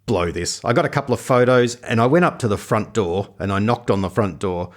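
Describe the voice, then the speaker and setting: An Australian man co-hosting a podcast, telling an animated story in casual chat with frequent laughter. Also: fairly low pitch, a little fast. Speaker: podcast co-host.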